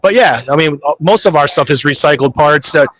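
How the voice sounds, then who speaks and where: In a live trade show interview, a funny car drag racer tells stories and acts out his own reactions. His voice is on the high side, brisk and fairly bright, and the recording quality is low.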